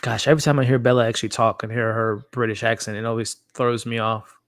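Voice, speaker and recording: Male streamer, mid pitch, candid and chatty, close dry sound. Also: flat delivery, quick pace, no room sound. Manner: candid, chatty, talks straight to the live chat. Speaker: host. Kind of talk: live reaction stream chat.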